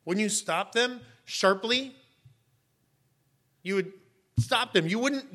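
A middle-aged man preaching a sermon as a pastor, emphatic and sometimes rising to sharp raised shouts. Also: high-pitched, normal speed.

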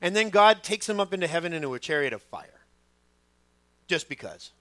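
A middle-aged man preaching a sermon as pastor, telling stories with lively quoted voices. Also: a little high, fairly quick, dry recording. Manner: animated storytelling, acting out quoted voices.

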